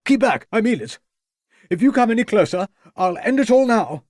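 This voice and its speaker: A man voicing a distraught, agitated young man who shouts frantically in an audiobook. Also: a little high, animated, normal speed, slightly rough, no room sound, clean studio sound, voice pushed up. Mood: frantic.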